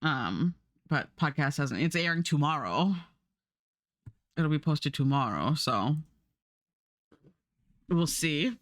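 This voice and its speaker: A woman's voice: low-pitched, animated, slow, pauses often, a bit bright, dry recording. Chatty lady streamer rambling while she draws, laughs a lot, dry close mic. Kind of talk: casual live-stream chat while drawing. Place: home streaming setup.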